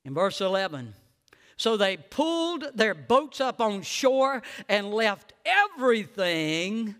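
A man preaching a sermon. He swings between hushed, low lines and loud, high-pitched preaching. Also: long reverb tail.

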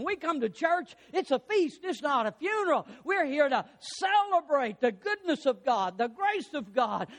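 A pastor preaching a sermon, fervent and rising to shouts, putting questions to the congregation. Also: male voice, very high-pitched.

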